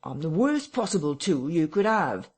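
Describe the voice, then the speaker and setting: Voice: medium pitch, very animated, normal speed, husky, voice pushed up. A reader voicing a frightened, self-pitying tramp who whines and complains near tears. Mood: whining. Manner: whining, tearful, complaining.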